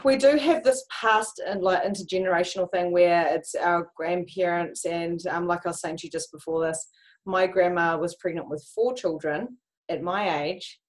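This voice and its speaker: A woman's voice: on the low side, normal speed, low-quality recording. Chatty woman life coach on a video call. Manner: animated storyteller, frequent fillers and restarts. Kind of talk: conversational video-call chat.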